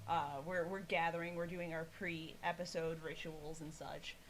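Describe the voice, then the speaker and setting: A woman's voice: on the low side, little pitch movement, moderate pace. A woman co-hosting a casual podcast chat, telling a story in a dry, wry way. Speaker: podcast co-host.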